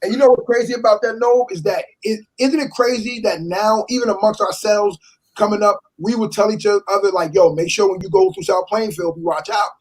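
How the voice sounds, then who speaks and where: A man, his voice high for a man and husky, presses his points in a group discussion. He repeats lines to drive them home. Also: animated, brisk, poor audio. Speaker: discussion panelist. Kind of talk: casual discussion.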